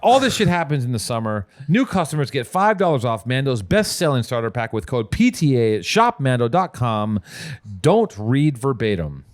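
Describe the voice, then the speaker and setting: A man's voice: medium pitch, big pitch swings, moderate pace, no room sound, studio quality. A man hosting a podcast, reading ads in a brash, profane, joking riff. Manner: brash and profane, riffing jokes. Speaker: podcast host. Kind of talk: casual podcast ad read.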